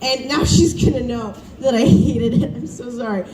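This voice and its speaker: A young woman from the South works a student stand-up crowd, high-voiced and animated as she pokes fun at her family. The recording is roomy and distant, with the stage sound carrying and a faint murmur of the room beneath. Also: normal speed. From American South. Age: young adult. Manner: self-deprecating, chatty, animated storytelling. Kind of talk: stand-up comedy set. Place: campus showcase stage.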